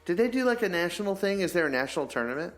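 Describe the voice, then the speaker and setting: A man co-hosting a casual podcast, teasing his co-host and telling stories with animated jokes. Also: high voice, very fast. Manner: joking, teasing, animated storyteller. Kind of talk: casual chat.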